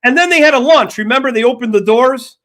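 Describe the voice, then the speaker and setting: An older man co-hosting a casual sports talk show, telling an animated story and acting out the dialogue. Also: very high voice, fast. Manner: animated, acts out quoted dialogue. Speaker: co-host.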